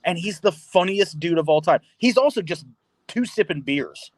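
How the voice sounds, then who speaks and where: Animated man telling a story with a raised voice. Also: high voice, normal speed, no echo. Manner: animated, laughing, swearing freely. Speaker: podcast guest, pro wrestler. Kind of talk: casual storytelling. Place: podcast studio.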